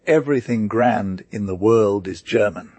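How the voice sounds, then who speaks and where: A man's voice: on the low side, moderate pace, no room sound, natural voice. A man voicing an agitated man who idolizes Germany. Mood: insistent. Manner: excited, insistent declaring.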